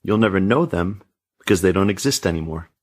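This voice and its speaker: A strict mother lecturing her daughter in a low, husky storybook voice, as a male reader puts her on. She sounds controlling and grave, only lightly set apart from the reader's own tone. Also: expressive, a little fast, darkish tone. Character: stern fearful mother of a teenage girl. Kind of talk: storybook reading.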